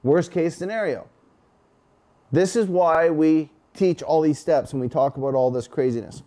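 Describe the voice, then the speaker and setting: Host: cocky, foul-mouthed Canadian man, 40s, mellow and slightly high voice. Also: normal speed. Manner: cocky, profane, rambling. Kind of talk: casual livestream chat.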